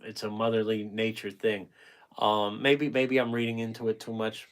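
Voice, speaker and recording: A man's voice: lowish voice, level tone, normal speed. Blunt, rambling man in his forties. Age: 40s. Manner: blunt, rambling, swears freely, self-interrupting; gives frank dating advice to viewers by name. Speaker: painting livestream host. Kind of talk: casual livestream chat, reading out viewer comments.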